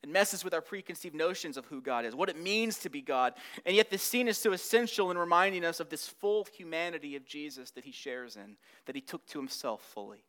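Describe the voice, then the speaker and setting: A man preaching a sermon, earnest and meditative, repeating key words, building up and then dropping to a hush. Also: on the high side, lively intonation, a little fast, hardly any pauses. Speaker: pastor.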